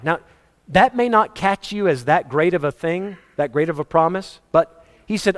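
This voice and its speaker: Male preacher, emphatic storyteller, higher voice, church hall echo. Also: lively intonation, normal speed. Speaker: pastor. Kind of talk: sermon. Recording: long hall reverb.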